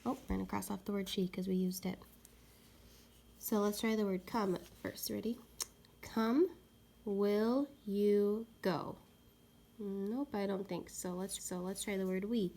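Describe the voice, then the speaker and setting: A woman teaching young children a reading lesson, slowly sounding out words and patiently encouraging them. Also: mid-range voice, fairly even intonation, vocal fry, warm tone.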